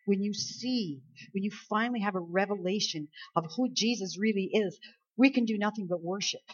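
A Canadian woman pastor preaches an emphatic sermon packed with rhetorical questions. Her medium-pitched voice is slightly rough and moves at a moderate pace, and the recording has a slightly dull lo-fi sound.

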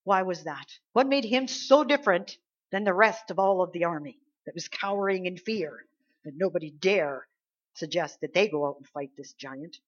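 A woman's voice: lowish voice, animated, normal speed. A woman preaching a sermon, exhorting her listeners emphatically, with her volume rising and falling. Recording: slightly dull lo-fi recording.

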